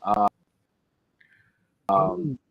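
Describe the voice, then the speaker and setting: A man's voice: high-pitched, big pitch swings, extremely slow, gravelly, no echo, muffled recording. A man telling a long story as a podcast guest over a remote call, talking bluntly with a rambling flow and the odd swear word. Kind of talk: casual storytelling interview.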